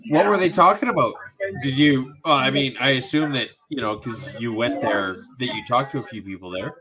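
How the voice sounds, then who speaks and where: A man's voice: medium pitch, brisk, a crowd in the background, poor audio. A man co-hosting a casual livestream, cracking jokes and teasing the guest. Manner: joking, teasing, wisecracking. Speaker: livestream co-host.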